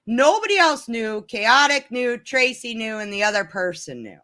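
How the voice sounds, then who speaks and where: Bright-voiced woman rambling to viewers. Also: a little high, sing-song, moderate pace. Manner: rambling, many restarts and "you know"s. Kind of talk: casual storytime chat to viewers.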